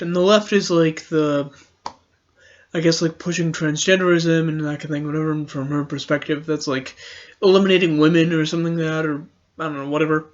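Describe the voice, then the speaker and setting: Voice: medium pitch, steady tone, brisk, dull audio. A podcast host giving a casual political commentary monologue, rambling and sarcastic, often laughing.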